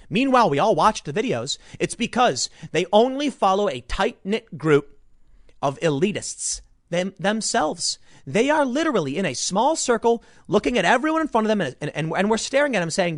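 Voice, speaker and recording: A man giving political commentary in a sarcastic tone, reading an article aloud and breaking in with asides. His voice sits high and swings widely, recorded close and dry. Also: sing-song, normal speed, no room sound.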